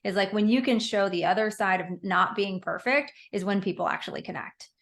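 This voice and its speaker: A woman's voice: mid-range voice, a little fast, gravelly. A woman hosting a podcast interview, talking casually and enthusiastically. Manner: enthusiastic, warm praise for the guest. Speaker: podcast host.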